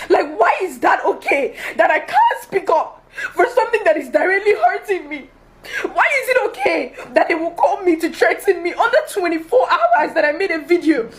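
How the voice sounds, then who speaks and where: A young Nigerian woman with a Nigerian accent, complaining to her followers in a vlog and pressing one question after another, laughing in disbelief. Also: extremely high pitch. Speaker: vlogger. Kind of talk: direct-to-camera complaint video.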